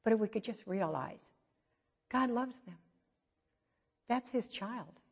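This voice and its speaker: A middle-aged woman preaches in a chatty, self-mocking way, with stories and quick asides. Her voice sits at an ordinary pitch for a woman. The recording is dull and lo-fi, with a long echo from a big hall. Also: expressive, creaky, slightly rough. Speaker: church speaker. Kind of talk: conversational sermon.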